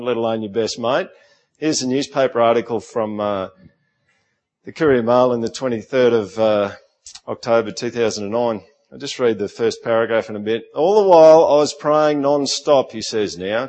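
A middle-aged Australian pastor with a fairly low-pitched voice preaches a sermon conversationally, frequently putting rhetorical questions to the congregation.

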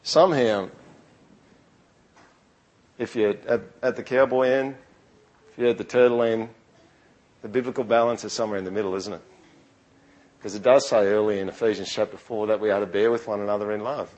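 Earnest pastor preaching casually. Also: male voice, on the low side, steady tone, brisk, long pauses, darkish tone, lo-fi sound. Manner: conversational, earnest, with frequent restarts. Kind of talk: sermon.

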